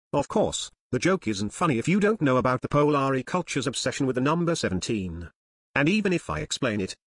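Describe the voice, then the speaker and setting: Husky man narrating dryly. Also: medium pitch, no room sound. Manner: dry explanatory tone, as if an outsider lecturing. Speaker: narrator of an educational series. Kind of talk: scripted deadpan comic narration.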